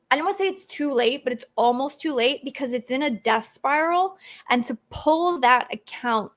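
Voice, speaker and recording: A woman hosting a live stream Q&A, talking in an animated, ranting way and acting out quoted reactions. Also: fairly high pitch. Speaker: host. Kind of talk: live stream Q&A, energetic rant. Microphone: own mic on live stream.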